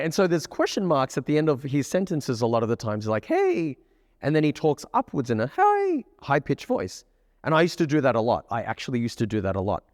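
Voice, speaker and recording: A man with an Australian accent giving a lively presentation as a dating coach, acting out example voices. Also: medium pitch, long reverb tail. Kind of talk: presentation to a group.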